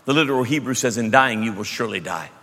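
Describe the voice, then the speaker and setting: Emphatic preacher in a reverberant hall. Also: male voice, medium pitch, fast talker. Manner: emphatic preacher, shifts between loud bursts and hushed asides. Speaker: pastor. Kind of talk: sermon.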